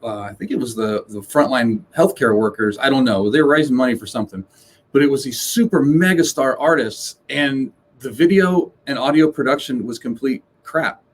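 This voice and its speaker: A man's voice: mid-range voice, normal speed, a little hiss or hum. Blunt, rambling man guest. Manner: blunt, rambling with restarts, swears. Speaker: guest, live sound engineer. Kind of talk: casual interview chat.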